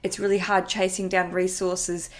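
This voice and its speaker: A woman's voice: lowish voice, little pitch movement, normal speed. A woman hosting a podcast, chatting casually, joking at her own expense and swearing lightly. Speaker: podcast host. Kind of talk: casual chat.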